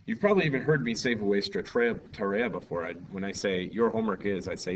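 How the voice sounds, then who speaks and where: A man teaches a Spanish lesson, keeping it playful and acting out small scenes as he explains. His voice sits fairly low. The recording is muffled and set back from the mic, with faint room ambience behind him. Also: quick pace, few pauses, recorded from a distance, slight background noise. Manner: upbeat, jokey, acts out little scenes.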